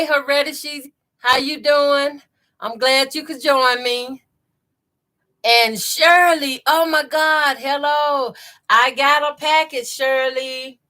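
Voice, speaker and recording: A woman's voice: sits high, takes it slowly, bright, forceful tone. A woman with a Southern accent hosting a live sewing stream, greeting viewers by name and reading their comments aloud. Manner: says y'all a lot. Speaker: quilting channel host.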